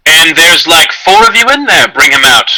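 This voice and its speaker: A man's voice: fairly high pitch, lively intonation, normal speed, bright, forceful tone, no echo, poor audio. A man narrating a tabletop game as game master, in a loose, rambling way with many fillers.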